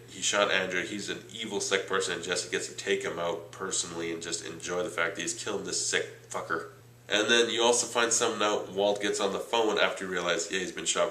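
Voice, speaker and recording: A man reviewing a TV series in casual chat, retelling the plot excitedly and saying "like" a lot. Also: deep voice, echoey room, rough recording. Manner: chatty, excitable recapping with lots of "like". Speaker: TV show reviewer.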